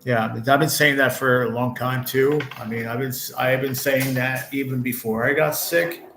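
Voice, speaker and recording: A man nearing fifty talks to his livestream chat from a hospital room, rambling and blunt and cursing often. His voice is gravelly, sits at an ordinary pitch, and has a faint hum of room noise underneath it. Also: fairly even intonation, moderate pace, a bit bright, poor audio. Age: 40s. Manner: blunt, heavy swearing, rambling. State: ill with stage four cancer. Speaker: livestream host.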